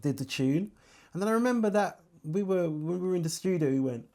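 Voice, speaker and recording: Animated Birmingham man telling stories. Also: on the high side, fairly quick, hardly any pauses. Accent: Birmingham English. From England. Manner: animated storyteller, acts out dialogue and sings snippets. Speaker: interview guest, singer. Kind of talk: casual storytelling interview.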